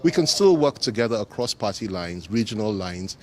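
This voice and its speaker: Nigerian guy talking to reporters, lowish voice, steady and emphatic, keeps repeating his points. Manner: measured, emphatic, repeats key phrases. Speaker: politician speaking to the press. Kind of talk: press statement answering reporters.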